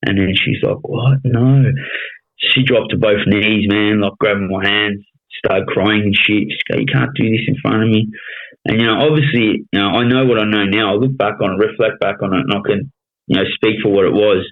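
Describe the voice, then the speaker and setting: A man in his thirties with a broad Australian accent tells his story in a casual podcast chat, blunt and full of swearing, always checking in with "you know what I mean". His voice sits fairly low. The sound is narrow and tinny, like a phone line. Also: little pitch movement, a little fast. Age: 30s. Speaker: podcast guest.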